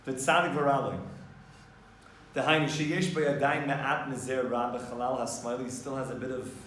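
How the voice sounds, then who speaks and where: A man teaching a Torah class, explaining in a lively way and mixing in Hebrew terms. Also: medium pitch, moderate pace, slight background noise. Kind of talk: informal class lecture. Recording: echoey room, distant mic, faint ambience.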